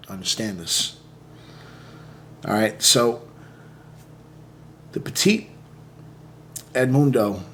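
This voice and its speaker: A man talking casually as a cigar reviewer, relaxed and conversational, full of fillers and little "okay?" check-ins. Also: fairly low pitch, a little hiss or hum.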